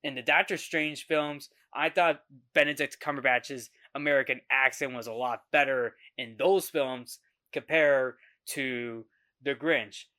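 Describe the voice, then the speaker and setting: Bright-voiced young man reviewing films. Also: medium pitch, fairly even intonation. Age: 20s. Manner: halting, many restarts and repeated words. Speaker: film review host. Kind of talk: casual film review monologue.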